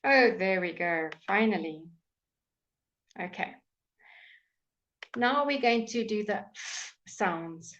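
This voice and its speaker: A woman with a British accent teaching English pronunciation in a live online class, enunciating words slowly and clearly, with frequent fillers. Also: medium pitch, expressive, a bit bright, slight background noise, poor audio. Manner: slow, clear, drawn-out enunciation with many fillers. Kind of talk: live online language lesson.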